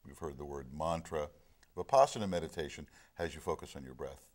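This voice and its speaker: Middle-aged man, very deep voice, earnest storyteller in casual talk. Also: fairly quick, a little mellow. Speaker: film discussion guest. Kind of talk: casual chat.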